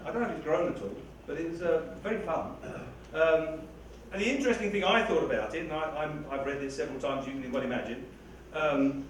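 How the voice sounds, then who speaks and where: A man's voice: fairly high pitch, fairly quick, few pauses. Chatty Englishman in an echoey hall. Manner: rambling, self-deprecating, chatty with frequent laughs. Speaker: writer or reader speaking to a live audience. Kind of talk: casual talk-back with an audience. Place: hall with an audience. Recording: echoey hall recording from far off, noisy.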